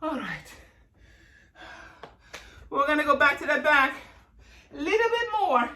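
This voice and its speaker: A woman's voice: high-pitched, big pitch swings, unhurried, bright, forceful tone. A woman fitness instructor coaching a workout class, upbeat and a little out of breath as she cues moves and counts down reps. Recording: echoey room, voice from far off.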